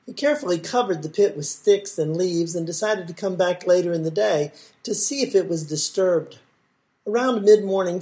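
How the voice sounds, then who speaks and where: A woman reading a folk tale aloud in a measured, expressive way. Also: on the low side, breathy edge. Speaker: storyteller.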